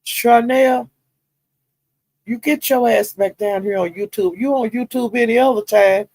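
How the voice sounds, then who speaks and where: A man imitating a fed-up woman who yells and scolds at a friend. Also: high voice, a little slow, creaky, dry recording, full character voice. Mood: scolding. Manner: shouting, scolding.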